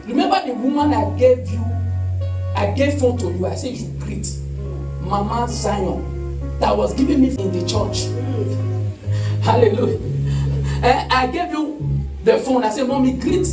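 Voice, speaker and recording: Man, high pitch, emphatic sermon storytelling, distant mic, music behind. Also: lively intonation, measured pace, long pauses, echoey room. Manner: emphatic storytelling, frequent hallelujahs. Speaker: preacher. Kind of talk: sermon testimony.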